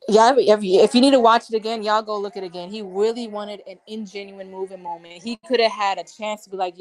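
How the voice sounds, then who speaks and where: A woman hosting a live-stream chat, talking in animated, indignant bursts. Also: medium pitch, brisk, hardly any pauses. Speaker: host.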